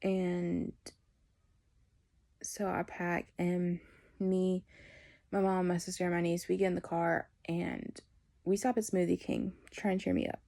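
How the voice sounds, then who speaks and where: Young woman, vlogger, candid and rambling, level delivery, soft warm tone. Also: on the low side, flat delivery, measured pace, gravelly, long pauses. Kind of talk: personal storytelling.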